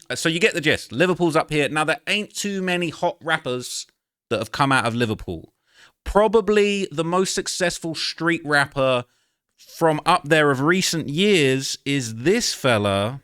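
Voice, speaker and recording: Chatty London man, smooth dry voice. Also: medium pitch, animated, normal speed, fairly bright tone, dry recording. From London, England. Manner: chatty, keeps tagging lines with "all right?" and "okay?". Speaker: YouTube commentator. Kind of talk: casual commentary video.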